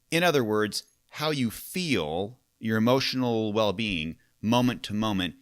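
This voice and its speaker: A man's voice: on the low side, fairly bright tone, dry recording, studio quality. A man hosting a solo podcast as a coach, talking in a casual, wry, conversational way.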